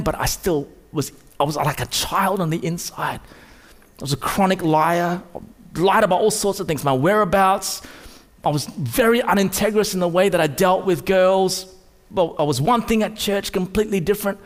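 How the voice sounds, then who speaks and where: High-voiced preacher in a reverberant hall. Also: male voice. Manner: preaching with sudden rises and quiet drops. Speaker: pastor. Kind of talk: sermon. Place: church hall.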